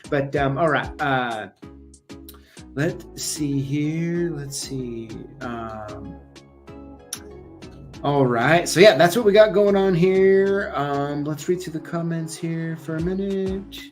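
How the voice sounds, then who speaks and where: Male host for a casual live giveaway show, rambly and relaxed, with faint tunes underneath. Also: fairly high pitch, slow. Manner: chatty, rambling, with frequent ums and laughs. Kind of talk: casual livestream chat. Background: faint music playing.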